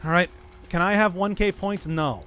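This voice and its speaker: A man's voice: sits high, moderate pace, a bit bright, soft background music. A male streamer in casual live-stream chat, reading viewer requests with wry, teasing banter.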